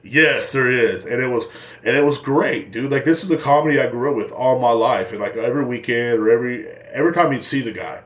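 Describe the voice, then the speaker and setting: In a mid-range voice, slightly fast, a young man hosts a podcast by himself. His stories are crude and meandering, and he keeps laughing at his own jokes.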